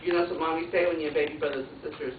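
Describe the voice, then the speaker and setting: A woman pre-K teacher reading a picture book aloud to children, an animated storyteller who adds playful asides and moves between loud sound effects and soft narration. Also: sits low, very fast. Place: classroom. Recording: tinny, echoey classroom from far off. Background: loud classroom noise.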